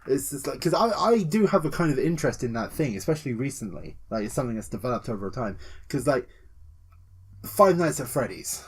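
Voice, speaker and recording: Excitable, husky-voiced young man gushing about games. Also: medium pitch, fairly quick. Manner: excitable, swears a lot, acts out scenes with yelps and laughs. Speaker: podcast co-host. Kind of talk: casual gaming podcast chat.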